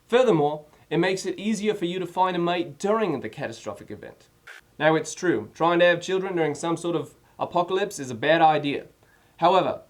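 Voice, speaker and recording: A man's voice: fairly high pitch, natural voice. A man doing Stephen, a smug Australian head-voice. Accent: put-on Australian. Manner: pompous, matter-of-fact lecturing. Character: male voice in a head, smug self-appointed host. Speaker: stand-in vlog host. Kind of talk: scripted comic monologue.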